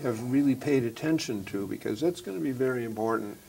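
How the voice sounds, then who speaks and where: A man's voice: mid-range voice, fast talker, gravelly, warm tone, slight background noise. A man in casual chat working through riddles aloud, thinking step by step with hesitations. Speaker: co-host answering riddles.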